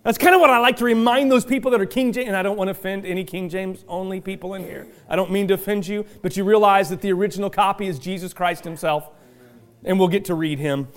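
A man preaching a sermon as pastor, with frequent restarts and repeated words, building to loud emphatic shouting. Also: sits high, fast talker.

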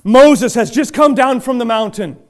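A man in middle age preaches in a high, ringing voice to his church. He builds to shouts of passion, and he trips over restarts and cracks jokes at his own expense. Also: normal speed. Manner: impassioned, repeatedly shouting; stammering restarts, self-deprecating humor. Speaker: pastor. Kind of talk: sermon. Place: church, before a congregation.

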